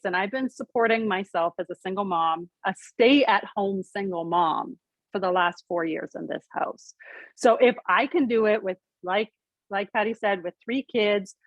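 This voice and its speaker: A woman's voice: medium pitch, no room sound, highs cut off. A woman sharing her personal story on a video call, earnest and heartfelt, with many "like" fillers.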